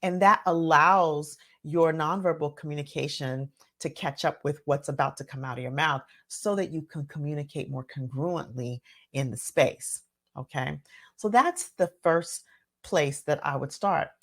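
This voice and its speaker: A woman's voice: low-pitched, a little slow, fairly bright tone. A woman host giving a solo teaching talk, earnest and conversational, often checking in with her listeners. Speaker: podcast host and physician.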